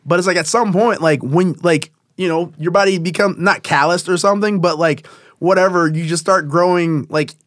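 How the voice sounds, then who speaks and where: A man talking through a personal story in loose, rambling conversation, full of fillers and restarts. His voice sits fairly high for a man. The sound is close and dry. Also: normal speed, fairly bright tone, no echo. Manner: rambling, many fillers and restarts, laughs often. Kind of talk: casual conversation.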